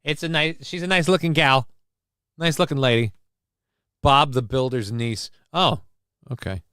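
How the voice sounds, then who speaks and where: A man co-hosting a casual live chat show, reading viewer comments aloud and spinning them into rambling jokes. His voice is smooth and clear at an average pitch. The sound is dry and close. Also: a little slow, no room sound. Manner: jokey, riffs loudly on viewer comments, rambling. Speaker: livestream co-host.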